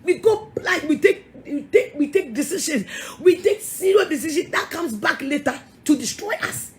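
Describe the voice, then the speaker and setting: High-voiced Ghanaian woman preaching emphatically. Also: animated, moderate pace. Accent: Ghanaian English. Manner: emphatic, scolding, repeats words, laughs often. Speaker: pastor. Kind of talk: sermon-style counselling talk.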